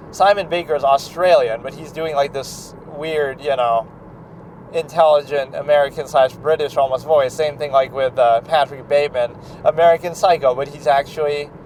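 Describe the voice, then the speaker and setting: A man's voice: fairly high pitch, darkish tone, a little hiss or hum, low-quality recording. A man giving casual film commentary in a rambling way, with many "like"s and restarts. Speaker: film critic.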